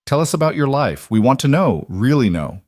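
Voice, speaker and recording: A man's voice: medium pitch, very animated, normal speed, darkish tone, no echo, clean studio sound, voice pushed up. A man voicing a remorseful young sister in a storybook, earnest and pleading, lifted above his own voice.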